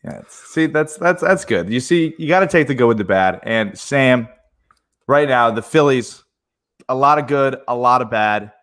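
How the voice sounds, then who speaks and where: Man, podcast host, upbeat, chatty, mid-pitched voice. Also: expressive, moderate pace, fairly bright tone. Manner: upbeat, chatty, hums a jingle. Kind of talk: casual sports podcast chat.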